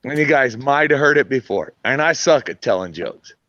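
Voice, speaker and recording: Lively man telling a joke, lo-fi sound. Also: mid-range voice, moderate pace, no echo. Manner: animated, laughs at his own joke. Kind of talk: casual chat, telling a joke.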